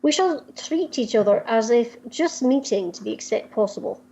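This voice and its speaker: A woman's voice: on the high side, animated, moderate pace, dark tone, a little hiss or hum, poor audio. A woman voicing a secretive female spy with a put-on Scottish accent, speaking formally and conspiratorially.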